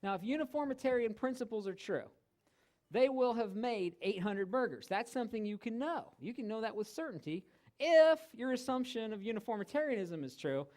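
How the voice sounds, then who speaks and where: A man giving a church teaching talk, telling stories with humor and animated delivery. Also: high-pitched. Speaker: guest teacher. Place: church hall.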